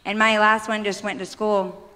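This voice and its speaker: A woman in her thirties tells her faith story in a heartfelt, rambling way, often breaking off and restarting. Her voice sits at a middle pitch. A long reverb hangs on every word, as in a large church hall. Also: level tone, normal speed, bright, forceful tone. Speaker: panelist sharing testimony. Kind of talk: personal faith testimony on stage.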